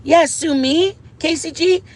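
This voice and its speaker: A man's voice: very high voice, a little slow. A man hosting a casual livestream on wireless earbuds, gushing and affectionate, swearing playfully at his viewers. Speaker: livestream host.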